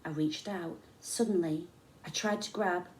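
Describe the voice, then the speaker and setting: A woman teacher reading a children's story aloud with expressive, dramatic storytelling. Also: on the low side, a little slow, distant mic, slight background noise. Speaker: primary school teacher. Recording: echoey room.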